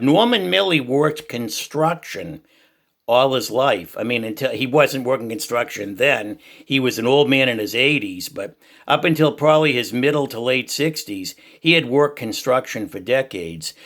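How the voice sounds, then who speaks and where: Older Boston man, loud booming voice, emphatic heartfelt testimony, mid pitch. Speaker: Christian YouTuber sharing church reflections.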